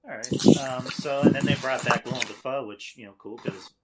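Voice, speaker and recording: A man talking as a podcast guest in casual chat, animated and laughing often. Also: mid-range voice, fairly quick, a loud crowd.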